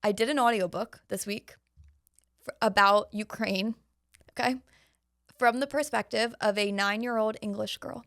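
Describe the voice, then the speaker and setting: A woman's voice: mid-range voice, fairly even intonation, normal speed, pauses often, a bit bright, no room sound, clean studio sound. A young woman hosting a podcast, chatting casually and telling stories by acting out what people said. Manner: chatty storyteller who acts out quotes. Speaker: podcast host. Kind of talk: casual chat.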